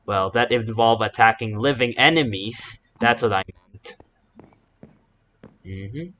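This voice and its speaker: A man's voice: medium pitch, slow, a bit bright, muffled recording, slight background noise. A man giving casual, rambling commentary while he plays a video game, often correcting himself and wandering into asides. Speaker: gaming YouTuber. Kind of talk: casual Let's Play commentary.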